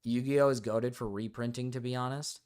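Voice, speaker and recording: A young man talking casually on a stream, wandering through his thoughts and restarting sentences as he goes. He swears freely, and his voice sits at a middle pitch. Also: fairly even intonation, moderate pace, a little mellow, smooth.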